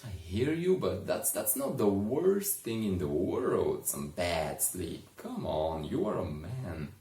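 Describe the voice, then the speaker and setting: Sly scheming woman played by a man, coaxing, slow, echoey room. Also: sits low, sing-song, mellow, full character voice. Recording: echoey room, distant mic.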